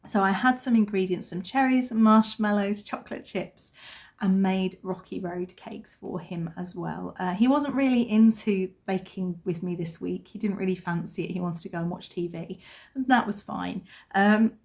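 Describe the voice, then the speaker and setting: A woman's voice: mid-range voice, normal speed, vocal fry, a little mellow. A woman in her thirties, a vlogger chatting casually and telling a family story with self-deprecating humour. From England. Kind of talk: casual chat.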